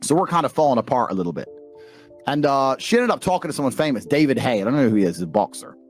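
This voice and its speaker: A man's voice: medium pitch, racing, soft background music. A man with a British accent, telling stories in a brash, profane, boastful way as a podcast guest. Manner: profane, boastful, animated storyteller. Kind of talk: brash storytelling chat.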